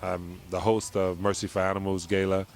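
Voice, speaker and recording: A middle-aged man with a fairly low voice talks easily in a casual interview. He tells stories with quoted voices and laughs between them. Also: flat delivery, fairly quick. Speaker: interview guest.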